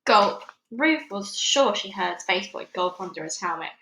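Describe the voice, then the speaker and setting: A woman reading a children's book aloud to listeners in a friendly, expressive way. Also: medium pitch, normal speed, reverberant, slight background noise, poor audio. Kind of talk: read-aloud storytelling.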